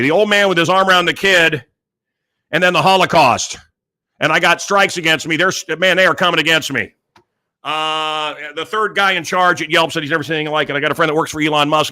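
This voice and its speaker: Male show host, rambling loose monologue, fairly high and bright-toned, hops between topics. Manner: rambling, jumps between topics with many fillers. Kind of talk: casual monologue.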